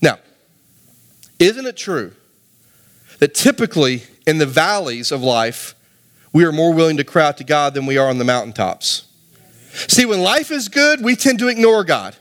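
High-voiced animated male preacher. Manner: animated, rising to emphatic high peaks; addresses the congregation directly with rhetorical questions. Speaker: pastor. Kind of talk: sermon.

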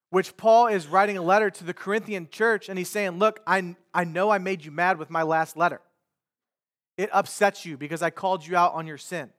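High-voiced man preaching conversationally. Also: fairly bright tone. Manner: conversational preaching with paraphrased quotes. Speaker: pastor. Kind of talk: sermon.

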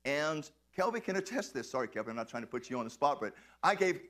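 A man preaching a sermon, animated and playful, swinging into shouts and laughs as he tells the story. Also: mid-range voice, fast talker. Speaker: pastor.

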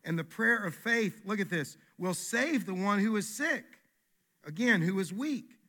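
A male pastor delivers a sermon with animated emphasis and frequent repeated restarts. His voice sits slightly high and sounds bright and forceful. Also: a little slow.

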